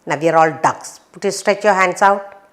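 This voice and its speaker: A woman teaching children phonics in a slow, sing-song teacher voice. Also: lowish voice. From India.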